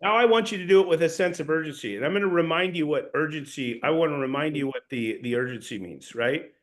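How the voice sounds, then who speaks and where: A man's voice: on the high side, quick pace. A man leading a sales coaching session, explaining points in an instructive way and often repeating or restarting phrases. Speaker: sales trainer.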